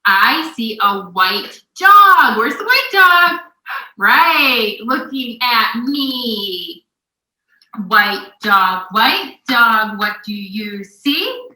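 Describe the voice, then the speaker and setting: Woman, high and lively, reading aloud to a small child, encouraging, slow sing-song, roomy off-mic sound. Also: distant mic. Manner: animated and encouraging, with playful animal sounds. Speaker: adult reading a picture book aloud to a young child. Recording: echoey room, voice off-mic.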